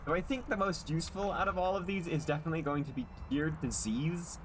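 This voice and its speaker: A man streams gameplay live with excitable commentary, swearing and breaking into loud outbursts. His voice is a little high and quick, against a noisy background.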